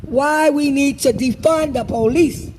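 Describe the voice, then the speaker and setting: A woman's voice: sits high, a little slow. An older woman giving an impassioned speech at an outdoor protest rally, emphatic and repeating phrases for effect. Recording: distant, echoey outdoor sound with loud traffic noise.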